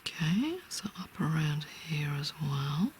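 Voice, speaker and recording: An art tutor talking through a real-time drawing tutorial in a soft, often half-whispered, reassuring way. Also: mid-range voice, sing-song, unhurried, slight background noise.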